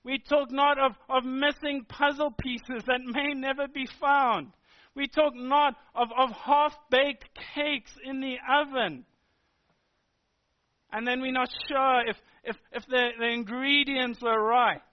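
A man preaching a sermon with an emphatic, repetitive cadence that builds through restated phrases. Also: very high voice. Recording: dull lo-fi sermon recording.

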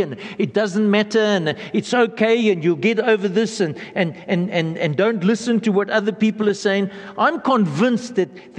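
Male pastor, high voice, earnest measured sermon delivery, long church-hall reverb. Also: darkish tone. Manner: earnest, measured, with frequent pauses and repeated phrases.

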